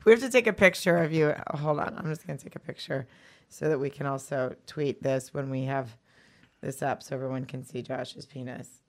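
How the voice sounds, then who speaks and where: A woman's voice: rumbling low, a little fast. A woman co-hosting a podcast in an office studio, chatting casually with a blunt, teasing manner and frequent laughter. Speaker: podcast co-host. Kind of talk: casual chat. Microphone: studio microphone.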